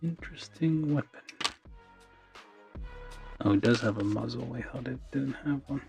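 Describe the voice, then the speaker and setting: A man with a gravelly, medium-pitched voice talks at normal speed while building a model kit on a livestream, with background music playing under him. He thinks aloud casually, half to himself, using many fillers.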